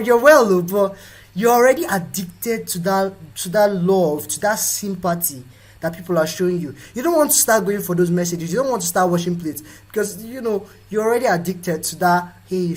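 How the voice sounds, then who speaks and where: A young man with a Nigerian accent delivers a motivational live talk, his voice a little husky and breathy. He speaks in an animated way and slips into playful voices for the people he describes. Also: high-pitched, poor audio. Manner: animated, acts out quoted voices. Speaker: host.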